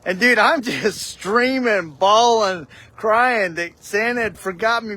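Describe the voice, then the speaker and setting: Man, high voice, slow unhurried pace, casual heartfelt storytelling, says dude a lot. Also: sharp tone. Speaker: vlogger. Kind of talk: personal storytelling with a faith reflection.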